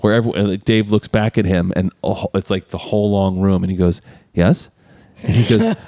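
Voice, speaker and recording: A man's voice: deep voice, animated, a little fast, mellow, dry recording. A man co-hosting a podcast, casually retelling film scenes and acting out the lines with frequent laughs. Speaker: podcast co-host. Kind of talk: casual movie recap chat.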